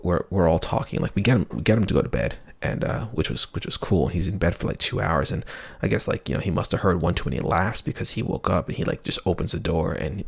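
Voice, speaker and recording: A young adult man, a podcast co-host, telling a rambling family story in casual chat with many halting restarts. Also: deep voice, vocal fry, slightly rough.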